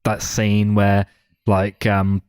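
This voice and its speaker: A man co-hosting a film podcast, speaking in a measured, hesitant way with many fillers. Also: lowish voice, monotone, a little mellow, clean tone, no echo, studio quality. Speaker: podcast co-host. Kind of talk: casual film chat.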